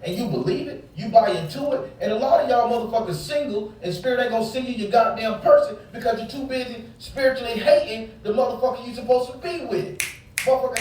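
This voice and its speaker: Pissed-off guy cussing up a storm, high voice, way off the mic in a super echoey room. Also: quick pace, a little mellow, recorded from a distance. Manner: angry, profane, preachy. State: angry. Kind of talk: heated casual rant. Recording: very echoey room, off-mic, faint background hum.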